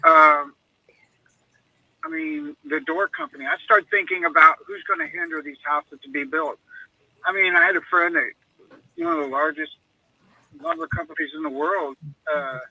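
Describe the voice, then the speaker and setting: A man's voice: a little high, creaky, bright, forceful tone, husky, no echo, poor audio. A man on a radio chat, telling long rambling stories and acting out what people said to him. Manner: rambling storyteller who acts out quoted dialogue. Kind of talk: casual call-in chat.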